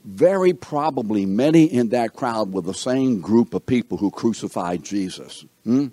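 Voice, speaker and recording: A man's voice: fairly low pitch, moderate pace, no room sound. A man teaching a Bible lesson and asking his class questions. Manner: animated, asks the class questions.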